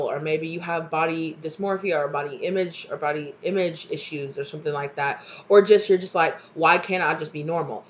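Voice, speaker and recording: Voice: mid-range voice, highs cut off. A tarot reader giving a casual collective reading, rambling through many fillers in an earnest, encouraging way. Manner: rambling, frequent fillers and "you know".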